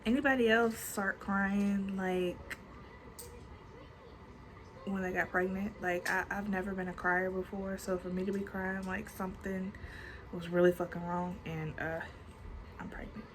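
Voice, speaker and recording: A woman in her twenties tells a story to her vlog audience at an unhurried, drawn-out pace. She chats casually, swears freely and leans on "like" constantly. A faint hum of room noise sits under her voice. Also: medium pitch, fairly even intonation, low-quality recording. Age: 20s. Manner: chatty, swears freely, many filler likes. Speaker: storytime vlogger.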